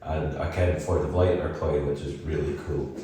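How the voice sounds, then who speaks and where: A man's voice: rumbling low, fairly even intonation, normal speed, dark tone, a little hiss or hum. A young man with an Edinburgh Scottish accent, a band vocalist chatting casually as a podcast guest, rambling and self-deprecating with frequent laughs. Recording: roomy echo, mic at a distance.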